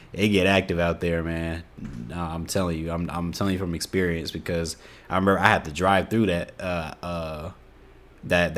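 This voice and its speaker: A young man with an Indiana accent reacting to videos with casual, animated and exasperated commentary, often saying "you know what I'm saying". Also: low voice.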